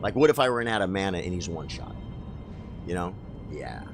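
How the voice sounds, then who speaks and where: Male game streamer, low voice, very animated delivery, chatty with chat, faint music behind. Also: normal speed. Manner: excitable, chatty, talks to chat. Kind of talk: live gameplay commentary.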